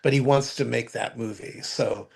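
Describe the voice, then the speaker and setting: A man's voice: mid-range voice, steady tone, moderate pace, creaky, darkish tone, breathy edge. A man co-hosting a podcast, chatting casually and listing movie trivia with frequent stumbles and restarts. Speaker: podcast co-host. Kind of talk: casual chat about movies.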